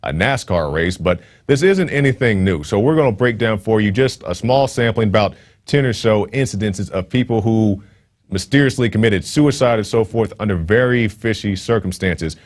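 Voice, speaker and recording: A man's voice: on the low side, lively intonation, moderate pace. A man hosting a show, reading news stories aloud and commenting on them in a casual, conversational way. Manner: casual, conversational, with frequent fillers. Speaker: host.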